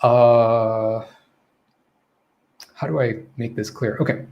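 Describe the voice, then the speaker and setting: A man's voice: medium pitch, lively intonation, slow, pauses often, darkish tone. A man teaching pronunciation in a live online Q&A lesson, modeling vowel sounds and checking in often with "okay?" and "right?".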